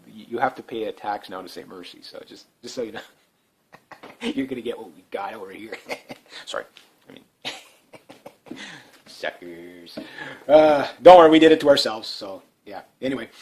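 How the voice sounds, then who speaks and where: A man giving a casual, rambling political rant to his channel's viewers, sarcastic, with chuckling asides. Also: fairly high pitch. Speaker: political commentary vlogger.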